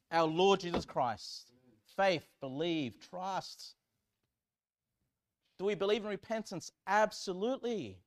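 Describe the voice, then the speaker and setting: Male pastor, emphatic sermon delivery, high and very lively pitch. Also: a little slow, long pauses. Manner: emphatic, swings from loud fervor to quiet asides.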